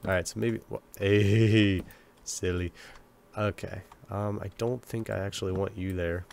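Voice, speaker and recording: A man's voice: on the low side, fairly even intonation, a little slow, gravelly, a little mellow. A young man with a cold, sounding nasal and sniffly, rambling and joking at himself while commenting on his gameplay. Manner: rambling, self-mocking chatter to himself. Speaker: let's play gamer.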